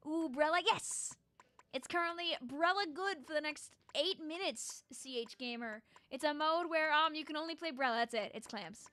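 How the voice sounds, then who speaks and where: A woman's voice: high-pitched, moderate pace, bright, forceful tone. A woman streaming a game, chatting playfully with her viewers and tossing in silly sound effects. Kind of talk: casual live-stream chat while gaming.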